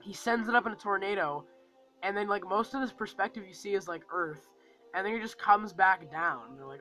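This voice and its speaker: A man's voice: high voice, fairly quick, pushed and bright, soft background music, low-quality recording. A man giving a casual, rambling movie review, full of fillers and acting out lines from the film.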